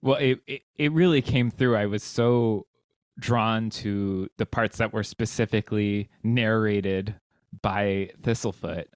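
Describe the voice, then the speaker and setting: A man hosting a book podcast, asking admiring, slightly halting questions. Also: on the low side, steady tone, clear, resonant tone, dry recording. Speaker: podcast host. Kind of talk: casual interview chat.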